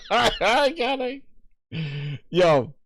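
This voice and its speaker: Excitable slangy male show host. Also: very high-pitched, extremely slow, no echo, clean studio sound. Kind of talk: casual live-show commentary.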